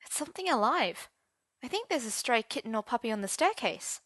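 A woman voicing a flustered young man who stammers and yelps in a high, loud voice. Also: big pitch swings, a little fast, no room sound, studio quality. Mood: concerned. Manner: stammering, yelping. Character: flustered young man, shrill when shocked.

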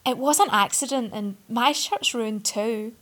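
A woman's voice: fairly high pitch, measured pace, a bit bright. A woman voicing a scruffy, flustered young male protester who stammers and turns peevish in a storybook reading. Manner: stammering, apologetic then peevish.

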